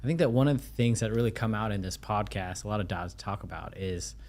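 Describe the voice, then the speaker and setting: A man's voice: on the low side, fast talker, darkish tone. A man hosting a podcast, talking in a friendly, reflective, conversational way. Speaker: podcast host. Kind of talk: casual interview conversation.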